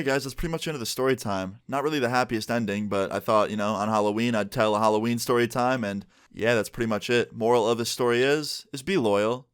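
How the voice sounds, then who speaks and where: A man's voice: medium pitch, smooth, no echo, clean studio sound. A young man telling a personal story to his viewers in a casual, chatty way, peppered with "like". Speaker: vlogger.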